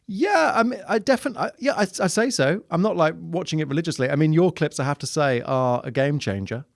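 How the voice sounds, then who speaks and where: A comedian guest on a chat podcast tells rambling, animated stories, acting out the people in them with quoted voices. He talks fast in a voice on the high side with some vocal fry, recorded with clean studio sound and no echo.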